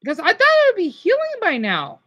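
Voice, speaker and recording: A woman's voice: very high voice, wildly swooping pitch, fast, fairly bright tone. A woman streamer chatting casually over clips, rambling with many restarts.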